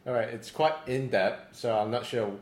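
A man's voice: medium pitch, steady tone, moderate pace, reverberant. A man explaining an idea on a casual podcast, hesitant with many ums.

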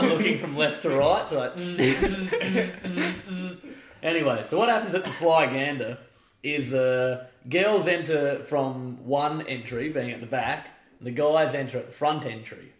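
Man, slightly high voice, rambling, laughs a lot, echoey room. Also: a little slow. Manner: laughs often, rambling storyteller. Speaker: podcast co-host. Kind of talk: casual banter.

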